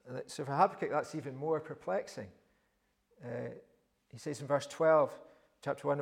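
A man delivers an evening sermon in a gravelly voice with a rough, husky edge. He talks earnestly, pausing often and repeating words as he gathers his thoughts. His voice rises with emphasis whenever he reads the scripture aloud. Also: medium pitch. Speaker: preacher.

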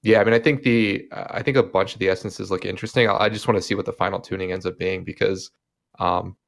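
Man, low gravelly voice, loose rambling podcast-guest talk. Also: fairly even intonation, quick pace. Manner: rambling, lots of fillers and hedges. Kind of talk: casual chat.

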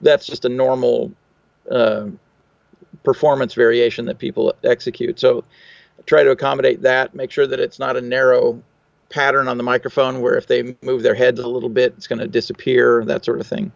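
Man, gravelly voice, dry close sound, dull lo-fi recording, technical interview guest. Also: medium pitch, level tone, moderate pace, no echo. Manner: thoughtful, technical, many fillers and restarts. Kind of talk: conversational interview answers.

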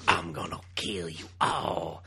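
A man voicing a vengeful male mutant elf in a slow, menacing drawl with an odd put-on accent. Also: sits low, sharp tone, breathy edge, voice pushed down, full character voice.

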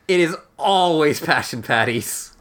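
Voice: medium pitch, unhurried, background noise. A podcast co-host chatting casually and joking about a cartoon. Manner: joking, animated. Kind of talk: casual chat.

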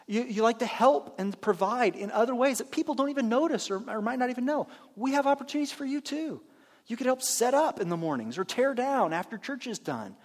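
A man's voice: very high voice, big-room sound. A man preaching a conversational sermon as pastor in a church, now and then acting out imagined churchgoers. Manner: conversational, acts out imagined churchgoers in quick asides. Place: church sanctuary.

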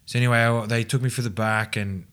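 A man's voice: mid-range voice, steady tone, quick pace, a bit bright, clean tone. A man telling his own story in a casual interview, rambling with many fillers and restarts and frequent laughs. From Australia. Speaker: podcast guest.

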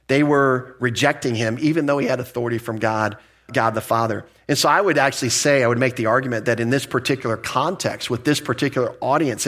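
A man as a pastor preaching an expository sermon, conversational and animated, building up emphasis as he makes a point. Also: mid-range voice.

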